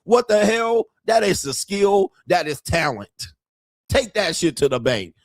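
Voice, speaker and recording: Brash high-voiced middle-aged man ranting. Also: sing-song, unhurried, dry recording, studio quality. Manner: brash, profane and boastful, laughs at his own jokes. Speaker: online show host. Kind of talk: ranting commentary.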